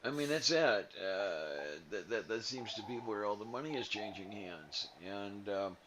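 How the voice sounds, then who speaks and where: Man, rambling casual panelist, muffled lo-fi audio with clear background noise. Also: fairly low pitch, animated, a little slow. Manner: rambling, grumbling about business. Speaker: podcast panelist. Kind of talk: casual chat.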